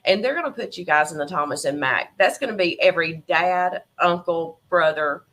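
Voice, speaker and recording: Bright, animated Southern woman. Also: on the low side, moderate pace. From Tennessee. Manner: emotional, animated storyteller who laughs often. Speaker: podcast guest, horse breeder. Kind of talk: casual interview chat.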